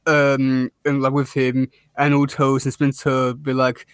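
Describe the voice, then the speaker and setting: A man co-hosting a casual episode review chat, talking in halting bursts with many restarts and fillers and laughing often. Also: medium pitch, completely flat delivery, clear, resonant tone, no room sound, studio quality. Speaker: podcast co-host reviewing a cartoon episode.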